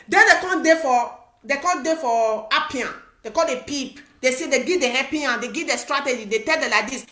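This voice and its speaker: A woman's voice: high voice, bright, forceful tone. A woman with a Nigerian Pidgin English accent giving impassioned political commentary, emphatic and repetitive with many restarts.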